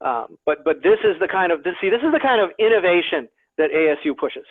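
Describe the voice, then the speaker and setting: A man with a high voice gives a guest lecture on desert plants over a video call. He talks in a chatty way, often repeats himself, and jokes at his own expense. The audio is tinny and phone-like, with a dry sound and no room echo. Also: expressive, fast talker. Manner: chatty, self-deprecating humor, repeats words. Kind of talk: online lecture to a naturalist club.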